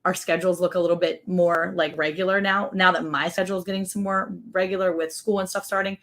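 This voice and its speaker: A woman with a Southern US accent, co-hosting a casual ranch livestream, chatty and quick to laugh, reading out viewer comments. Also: fairly low pitch, fairly even intonation, a bit bright. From American South.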